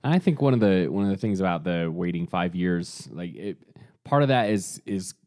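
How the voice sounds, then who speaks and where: A man co-hosting a podcast, talking in a halting, wry, conversational way. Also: low-pitched, animated, darkish tone. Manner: halting, restarts, wry asides. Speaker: podcast co-host. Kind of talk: casual podcast chat.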